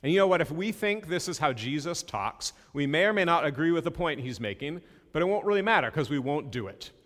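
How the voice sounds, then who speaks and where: A man's voice: on the high side, sing-song, brisk, a bit bright, in a large hall. A male pastor giving a sermon in a conversational way, with self-deprecating asides.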